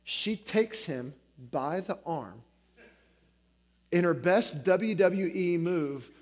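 A man in his forties giving a sermon as a guest preacher, talking in a conversational way with lots of fillers and animated storytelling. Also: sits high, takes it slowly.

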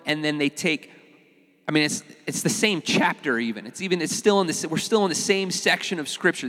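A pastor preaching a sermon in a casual, animated way, with touches of humor. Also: male voice, a little high, big-room sound.

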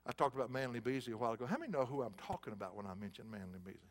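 A man preaching a sermon in an auditorium, swinging from hushed, soft passages to loud, emphatic bursts. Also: mid-range voice, expressive, very fast, in a large hall.

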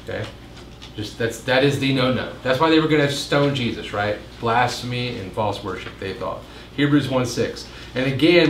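A man's voice: fairly quick, a bit bright. Conversational male pastor in an echoey room. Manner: conversational, jokes and asides, acts out quotes with rising pitch. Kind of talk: casual midweek teaching. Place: meeting room. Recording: roomy echo, faint room noise.

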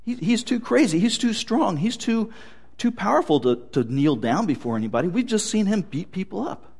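A man's voice: high-pitched, normal speed, full character voice. A man voicing an incredulous, chatty pig herder in a retold story. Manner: chatty, excited disbelief.

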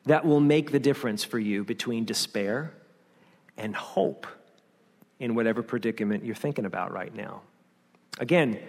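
A man preaching from the pulpit in a slightly higher-than-usual voice, driving his points home with repeated refrains and rhetorical questions. His voice rings out with a long reverb, as in a large church sanctuary. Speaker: pastor. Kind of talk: sermon.

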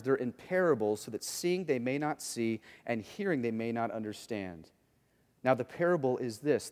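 A man preaching a sermon in a lively, conversational way, often acting out voices as he explains. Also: mid-range voice, in a large hall. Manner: animated, conversational, acts out quoted voices. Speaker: pastor.

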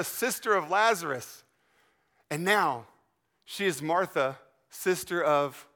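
A male pastor preaching a sermon to his church, earnest and emphatic, often dropping to a hushed, soft delivery. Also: fairly high pitch.

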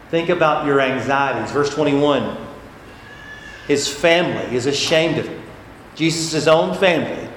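A man preaching a sermon as pastor, stressing points by repeating them. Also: mid-range voice. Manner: emphatic, repeats key phrases for stress. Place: church sanctuary. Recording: echoey church hall with faint noise.

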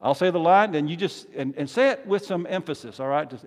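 A man's voice: on the high side, animated, fairly quick. Emphatic male pastor in a reverberant hall. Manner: emphatic, shifts from soft to loud, leads congregation in call-and-response. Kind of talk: sermon. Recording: long reverb of a large hall.

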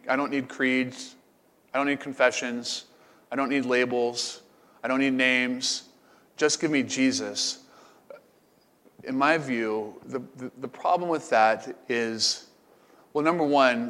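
A man's voice: medium pitch, fairly bright tone, in a large hall. A man preaching as a pastor, then answering questions in a conversational way, often repeating words as he thinks. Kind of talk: sermon and Q and A. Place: camp meeting hall.

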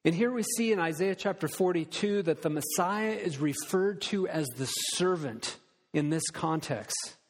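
A man's voice: high voice, expressive. Earnest male preacher in a reverberant hall. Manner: earnest preaching with slow emphatic stresses. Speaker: pastor. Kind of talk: sermon. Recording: long reverb of a church hall.

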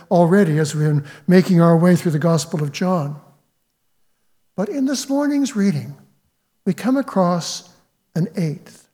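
A man preaching a sermon in a measured, reflective way, quoting scripture as he goes. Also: high voice, mellow, big-room sound. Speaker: pastor.

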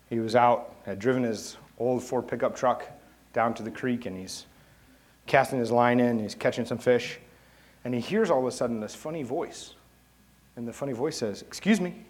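A man's voice: medium pitch, a little mellow. A male pastor giving a sermon, telling stories in a conversational way. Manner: conversational storytelling.

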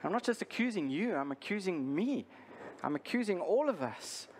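A male pastor preaching a sermon, earnest and deliberate, repeating his key lines for emphasis. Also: sits high, sing-song, slight background noise.

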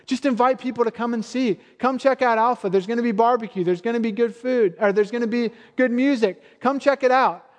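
A man with a high, light voice preaches a sermon in a relaxed, storytelling way, as if chatting with the congregation. His words ring out with a long reverb from a large hall. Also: fairly quick, few pauses. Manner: storytelling, conversational and earnest. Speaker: pastor.

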